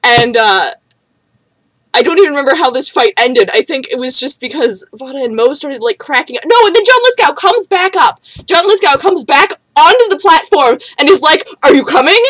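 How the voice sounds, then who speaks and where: A woman's voice: high voice, lively intonation, moderate pace, fairly bright tone, dry recording, poor audio. A young woman telling a rambling story to camera, with many fillers and frequent swearing. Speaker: vlogger. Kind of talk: casual storytelling.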